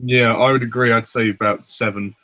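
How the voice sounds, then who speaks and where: A young man with a mid-pitched voice chats easily about films and agrees with his friend. He talks in a relaxed way and quotes lines he likes. The sound is dry and close. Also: fairly quick, no echo. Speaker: film reviewer. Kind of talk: casual film review chat.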